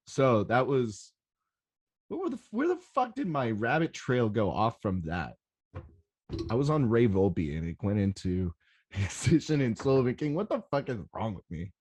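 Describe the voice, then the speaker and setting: Young male podcast host, lower voice, casual, animated, profane, rambling. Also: breathy edge. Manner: excitable, swears a lot, rambling and animated. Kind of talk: casual solo podcast recap.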